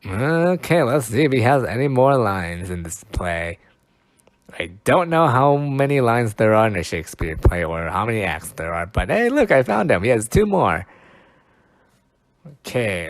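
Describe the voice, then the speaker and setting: A man's voice: fairly low pitch, big pitch swings, measured pace. A man hosting a casual podcast, bemused and poking fun at himself as he talks. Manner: bemused, self-mocking, laughs at himself. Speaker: podcast host.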